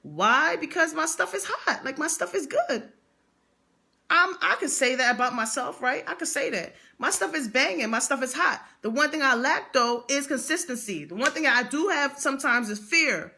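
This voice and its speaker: A woman's voice: high voice, expressive, moderate pace, sharp tone. A young adult woman speaking, telling a motivational story with emphatic repetition and slang. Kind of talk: motivational vlog monologue.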